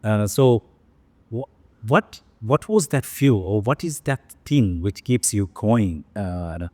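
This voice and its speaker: Low, mellow-voiced male host. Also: animated, dry recording. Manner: halting, hesitant phrasing with fillers. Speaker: podcast host. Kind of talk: interview questions.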